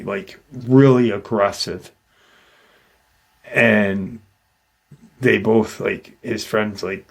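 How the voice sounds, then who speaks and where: A middle-aged man slowly retelling a witness's eerie encounter in a casual, halting way, with many fillers. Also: on the low side, steady tone, vocal fry. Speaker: host retelling a witness account. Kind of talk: casual storytelling.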